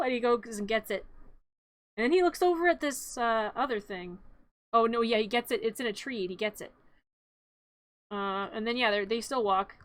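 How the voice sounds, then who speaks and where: A woman's voice: a little high, moderate pace, fairly bright tone, no room sound. A woman streamer casually and comically narrating her own drawings, rambling, giggling and talking back to them.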